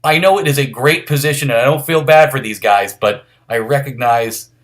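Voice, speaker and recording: A man with a mid-range voice chats on a casual sports podcast. He spins anecdotes and thinks out loud, with plenty of fillers along the way. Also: mid-range voice, moderate pace. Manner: storytelling, reflective, filler-heavy. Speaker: podcast co-host.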